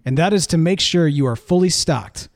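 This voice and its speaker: A man's voice: a little high, normal speed. A man co-hosting a casual podcast, upbeat as he recaps points and plugs a sponsor. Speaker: podcast co-host.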